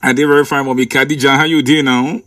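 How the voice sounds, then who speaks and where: A man's voice: medium pitch, fast. A man with a Nigerian accent hosting a call-in radio show from a studio, bantering playfully with callers and reading out messages. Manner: lively, playful banter in pidgin. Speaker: radio host.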